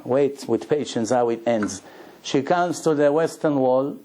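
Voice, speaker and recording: A male rabbi telling a story in a lecture, animated and acting out the dialogue in broken English. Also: mid-range voice, measured pace. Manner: broken, non-native-sounding English grammar.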